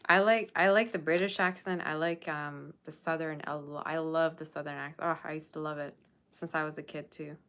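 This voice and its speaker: Fry-voiced woman bantering with her live chat. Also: low-pitched, steady tone, a little fast, a bit bright. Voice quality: sassy, teasing banter with the chat. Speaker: tarot reader livestream host. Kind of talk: casual livestream chat.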